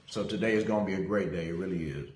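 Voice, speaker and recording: A man's voice: deep voice, fast, a little mellow, a little hiss or hum. A middle-aged male pastor giving a casual livestream sermon. He talks energetically, greets viewers by name and tells a story from his own life. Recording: roomy echo.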